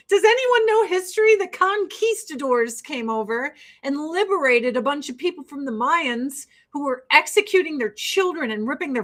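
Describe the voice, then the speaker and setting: A woman's voice: high voice, fairly bright tone. A woman doing her makeup while ranting in a blunt, profane, fired-up way. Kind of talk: casual get-ready-with-me rant.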